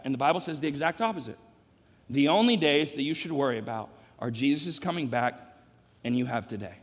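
Middle-aged male pastor, high-pitched, dynamic sermon delivery with dry humor, echoing big church hall. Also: lively intonation, brisk, husky. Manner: dynamic, swings from hushed to shouting, wry asides. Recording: long reverb of a big sanctuary.

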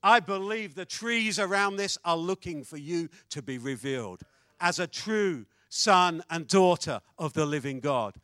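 A man preaching a sermon, telling a story with animated swings between loud declarations and hushed asides. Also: on the high side, a little slow, dry recording.

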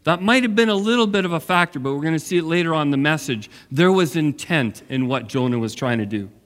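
Male pastor, animated sermon delivery, slightly high voice, echo of a big hall. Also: fast talker. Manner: dramatic storytelling with asides to the congregation.

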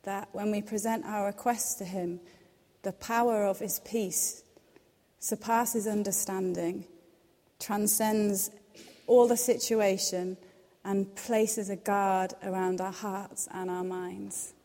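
Young woman, devotional speaker, earnest and reassuring, mellow tone, long hall reverb. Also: medium pitch, fairly even intonation, slow. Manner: earnest, reassuring, quotes scripture softly. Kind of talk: devotional teaching.

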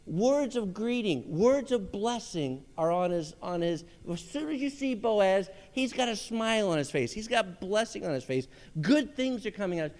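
A man preaching a sermon as pastor, animated and acting out voices from the story. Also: high-pitched, normal speed, hardly any pauses, big-room sound.

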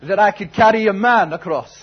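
A man voicing a bold French tightrope walker with a mock French accent, husky and challenging. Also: high voice, a little fast, highs cut off, voice pushed up, close to an everyday voice. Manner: playful, challenging.

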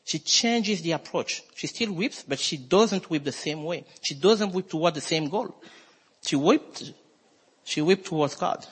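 A man preaching a sermon as pastor, emphatic and swinging his voice between high and low. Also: lively intonation, measured pace, slightly rough. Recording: long hall reverb.

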